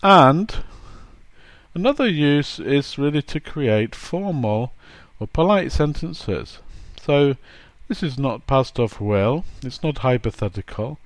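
A man's voice: medium pitch, lively intonation, slow pace, no room sound. A man giving a chatty, playful grammar lesson, acting out example sentences. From England. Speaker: English teacher.

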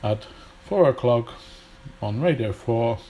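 A man gives a relaxed English lesson at an unhurried pace. His voice sits in an ordinary middle pitch, and he chats and thinks aloud, often pausing on fillers and restarting his sentences. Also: a little hiss or hum, poor audio. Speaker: English teacher. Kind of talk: casual spoken lesson.

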